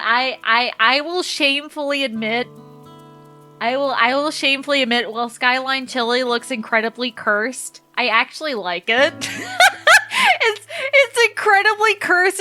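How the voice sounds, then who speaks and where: This game streamer has a high, bright voice and chats casually with viewers as she plays. She tells stories in a lively, talkative way and swears freely, with faint game music underneath.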